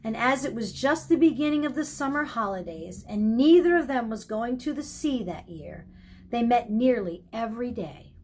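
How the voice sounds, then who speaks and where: Female audiobook narrator; calm, expressive storytelling, slightly high voice. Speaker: audiobook reader.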